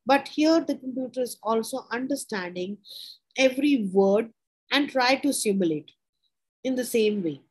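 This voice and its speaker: A woman teaching an informal lesson, explaining in short repeated phrases, checking in with "right?" and pausing on "uh". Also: on the high side, animated, husky, low-quality recording. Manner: pauses with frequent "uh". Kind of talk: informal lecture.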